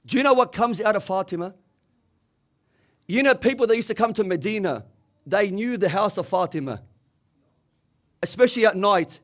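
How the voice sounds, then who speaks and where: A man with a high voice delivers a sermon in a community religious hall. He tells a story with emphatic rhetorical asides and drops Arabic religious phrases into his English. His delivery swings between quiet, low passages and raised, stressed lines. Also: moderate pace. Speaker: preacher.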